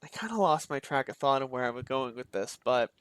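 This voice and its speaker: A man's voice: medium pitch, expressive, a little fast, fairly bright tone, clean tone. Slangy young man on a movie podcast. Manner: loose and slangy, lots of fillers and trailing thoughts. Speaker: movie review podcast co-host. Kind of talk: casual chat.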